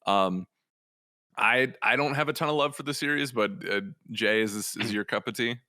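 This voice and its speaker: A man's voice: mid-range voice, moderate pace, pushed and bright, no room sound, clean studio sound. A man hosting a casual podcast chat, joking as he reads through a list of games. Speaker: podcast host.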